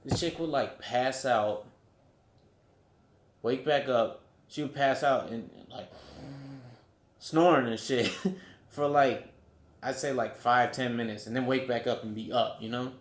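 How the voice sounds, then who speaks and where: A man's voice: medium pitch, measured pace, long pauses, roomy sound. A man telling a story casually at home, swearing freely and padding his talk with likes and you knows. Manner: loose, profane, filler-heavy. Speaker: vlogger. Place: room at home.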